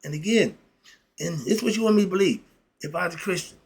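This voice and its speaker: A man's voice: high voice, fast. A middle-aged man in a casual, blunt and preachy monologue, full of slang. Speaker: philosophy vlogger.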